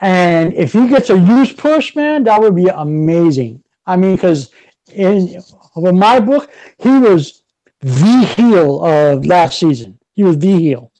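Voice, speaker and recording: A man co-hosting a casual wrestling chat, excitable, often stammering and repeating words. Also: sits high, takes it slowly, low-quality recording. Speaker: podcast co-host.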